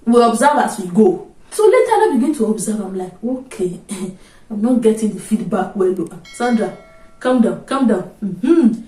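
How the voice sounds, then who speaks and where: A young woman with a Nigerian accent telling a casual, animated story to her vlog audience, slipping into pidgin and acting out exclamations. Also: medium pitch, moderate pace, reverberant, far from the mic. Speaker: vlogger.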